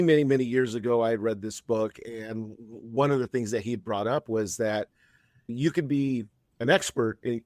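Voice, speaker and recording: A man in his fifties speaking as a podcast guest at an everyday middle pitch, chatty and rambling as he tells a story, doubling back on his words. The sound is close and dry, with no room around it. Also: darkish tone, no room sound. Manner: chatty, rambling, frequent restarts. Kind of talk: casual storytelling.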